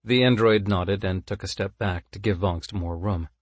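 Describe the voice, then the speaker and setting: A man narrates a story in a measured, steady way. His voice is fairly low and husky. The recording is close and dry, with no room sound. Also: no echo.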